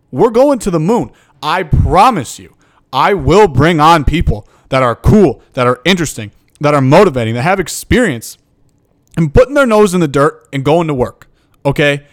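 A young man, a football coach, hosting a motivational podcast and delivering a fired-up rant that keeps checking in with "okay?". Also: on the high side. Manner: fired up, emphatic, repeats "okay?".

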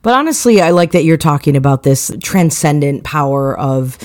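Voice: medium pitch, lively intonation, moderate pace, a little mellow. A podcast host with a mid-range voice, moderating the discussion. The host sounds encouraging and keeps the talk moving with thoughtful questions.

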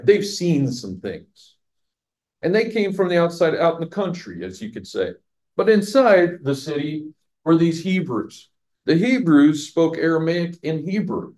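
With a slightly high voice and a darkish tone, a male pastor teaches a Bible study verse by verse. He keeps it chatty, asks the listeners questions, and laughs at the jokes he makes.

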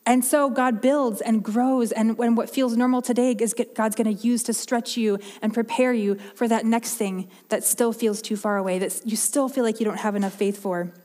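A woman's voice: a little high, steady tone, moderate pace, hardly any pauses, darkish tone, long reverb tail. A woman preaching a sermon in an earnest, heartfelt way, often restarting and repeating her words.

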